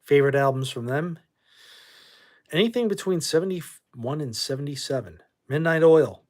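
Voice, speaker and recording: A man's voice: mid-range voice, darkish tone. Sleepy, blunt male rock stream host. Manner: drowsy, rambling, blunt and profane. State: sleepy, yawning. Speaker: livestream host. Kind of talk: casual livestream chat about classic rock.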